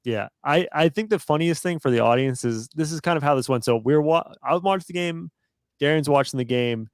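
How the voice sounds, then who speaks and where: A man's voice: a little high, brisk, clear, resonant tone, no echo, clean studio sound. A young man co-hosting a casual sports podcast, telling a laid-back, amused story. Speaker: podcast co-host.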